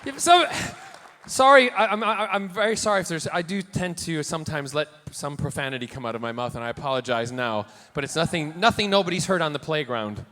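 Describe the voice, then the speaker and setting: Lively, campy man in an echoey hall. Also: on the high side, brisk. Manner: campy, bawdy, playful joking with the crowd; energetic, rambling anecdotes with many restarts. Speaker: celebrity convention panel guest. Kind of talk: live convention Q&A storytelling. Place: large convention hall panel room. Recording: echoey hall with faint noise.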